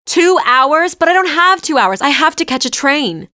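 A woman voicing an impatient German woman tourist who grows exasperated and insistent, her voice rising high. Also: moderate pace, a bit bright, no echo, studio quality, natural voice.

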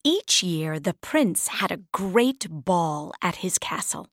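A woman reading a children's fairy tale aloud, clearly and deliberately. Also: on the low side, big pitch swings, a bit bright. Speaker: storybook reader. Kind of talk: slow read-aloud storybook narration.

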